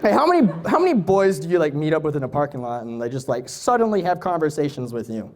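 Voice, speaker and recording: A man's voice: fairly high pitch, very animated, fast talker, some chatter behind. A young man performing live stand-up, telling rambling, self-mocking anecdotes with many restarts, in front of a laughing audience. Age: young adult. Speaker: stand-up comedian. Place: stage before a laughing audience.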